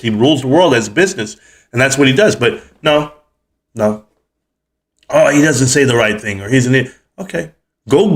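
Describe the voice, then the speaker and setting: Forties guy ranting on his livestream, heated, swears a lot, regular pitch. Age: 40s. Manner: heated, cussing, fired-up. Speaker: livestream host.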